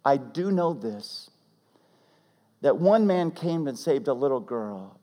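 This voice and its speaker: A man's voice: mid-range voice, very animated, slow, pauses often. Fervent preacher man in a reverberant hall. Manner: dynamic, swinging from loud emphatic peaks to hushed near-whispers. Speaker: pastor. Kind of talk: sermon. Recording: long reverb of a large hall.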